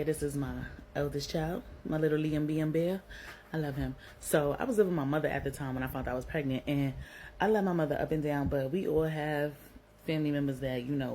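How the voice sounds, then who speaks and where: A woman's voice: sits low, dark tone, slight background noise, poor audio. A young woman from Brooklyn with a New York accent, telling a personal story in a candid, slangy way, swearing freely and filling her talk with "like.". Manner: blunt, slangy, swears freely, lots of "like" fillers.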